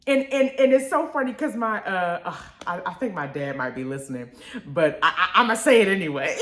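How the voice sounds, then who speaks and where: A young woman hosts a live radio chat show. Her pitch swings widely as she laughs and repeats herself, and her voice rings in a roomy, echoing space. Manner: animated, laughs often, repeats words. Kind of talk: casual live radio talk. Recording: roomy echo.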